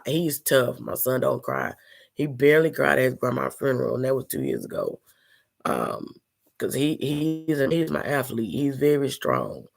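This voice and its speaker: A woman's voice: rumbling low, creaky. A sick woman telling a personal story to her viewers in an earnest, emotional, casual way. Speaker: vlogger.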